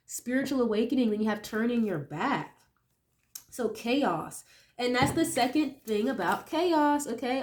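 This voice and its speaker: A woman's voice: medium pitch, a little mellow. A woman with a nasal voice from a cold, chatting casually as she reads tarot cards for viewers, thinking aloud with many tag questions. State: getting over a cold. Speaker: tarot reader.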